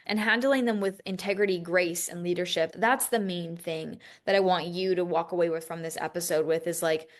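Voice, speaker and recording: A woman's voice: fairly low pitch, normal speed, few pauses. A woman hosting a solo coaching podcast, talking candidly and emotionally, swearing freely and restarting her sentences. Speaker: business coach and podcast host.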